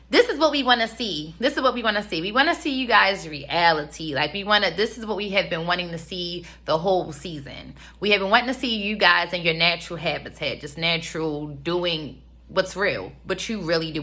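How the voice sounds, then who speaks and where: Woman, 30s, casual show reviewer; bright, chatty, rambling delivery. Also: lowish voice. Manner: chatty, rambling with many fillers. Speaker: reality TV reviewer. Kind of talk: casual commentary.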